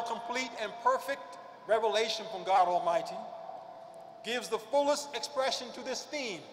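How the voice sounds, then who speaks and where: A man giving a prepared religious speech at a convention, speaking emphatically and slowing down to stress key phrases. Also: sits high. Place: large convention hall. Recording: echoey hall with long reverb.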